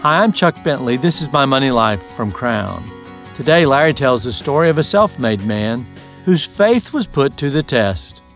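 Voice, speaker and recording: A man's voice: mid-range voice, very animated, normal speed. A man hosting a radio program, reading a scripted introduction and closing. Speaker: radio host. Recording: soft guitar music behind.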